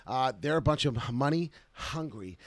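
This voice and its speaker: A man hosting a casual live stream about crypto charts, talking in an excitable, rambling way. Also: medium pitch, unhurried, no room sound.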